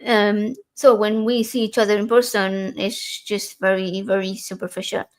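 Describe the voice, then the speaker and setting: A woman's voice: medium pitch, level tone, normal speed. A woman talking earnestly and personally in a casual podcast conversation, with frequent fillers and restarts.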